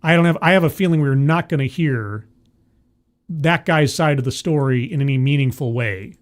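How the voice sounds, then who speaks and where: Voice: medium pitch, moderate pace. A streamer doing sarcastic, exasperated commentary on a video during a live stream.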